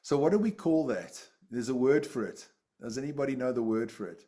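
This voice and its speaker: A man's voice: medium pitch, animated, a little fast, warm tone. A man teaching a class, telling a personal story in a conversational way, repeating phrases and asking students questions.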